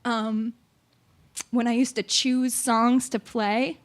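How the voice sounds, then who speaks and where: A woman hosting a live songwriter show, talking on stage while close to tears, rambling and halting and laughing through it. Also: fairly high pitch, flat delivery. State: tearful, on the verge of crying. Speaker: host and singer-songwriter. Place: small live music venue stage.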